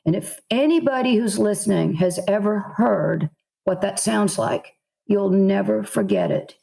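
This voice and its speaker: Gravelly-voiced Southern woman telling a story. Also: mid-range voice, big pitch swings, unhurried, dark tone, rough recording. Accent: Southern American. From American South. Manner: earnest, vivid storytelling with voiced quotes. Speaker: author guest. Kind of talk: storytelling in a podcast interview.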